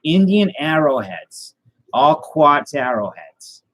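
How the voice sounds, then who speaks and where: A man voicing an odd naked male rock hunter with a Boston accent, talking slowly and blankly. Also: on the high side, big pitch swings, a bit bright, pitched above the performer's own voice, full character voice, low-quality recording. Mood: dazed. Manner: slow, blank repeating.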